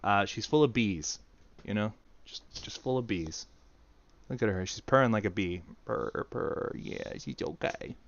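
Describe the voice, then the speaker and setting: A man's voice: fairly low pitch, moderate pace, pauses often, muffled recording. A man streaming himself playing a game, chatting casually in a playful way. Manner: playful, lively, prone to laughing. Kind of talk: casual live game commentary. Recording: game music behind the voice. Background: game music.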